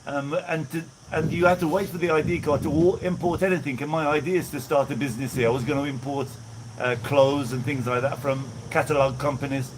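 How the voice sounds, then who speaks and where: A man's voice: fairly high pitch, fairly even intonation, a little fast, noisy background. Chatty English man outdoors with insects. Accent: mixed Birmingham English with a little Maltese influence. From England (Birmingham area). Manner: rambling, chatty, greets viewers by name. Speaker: live-stream host. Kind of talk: casual live-stream chat reading viewer comments. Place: outdoors on a breezy day. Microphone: no clip-on mic, camera mic.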